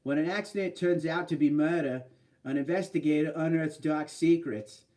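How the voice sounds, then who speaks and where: Man doing a Boston accent, mock-dramatic blurb reading, mellow tone. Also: a little high, moderate pace, distant mic, close to an everyday voice. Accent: Boston (put on).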